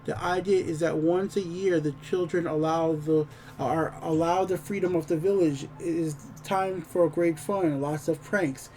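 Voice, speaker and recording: A man's voice: fairly high pitch, fairly even intonation, a little slow, warm tone, far from the mic, lightly acted. A man voicing a tiny, friendly, impatient green male sprite with a chirpy voice, reading it aloud in a game. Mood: chatty.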